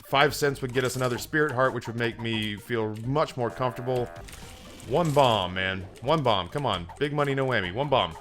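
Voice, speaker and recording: A man's voice: medium pitch, moderate pace, a bit bright, faint music behind. A man casually commenting on a video game and telling a long joke, with frequent stammered restarts.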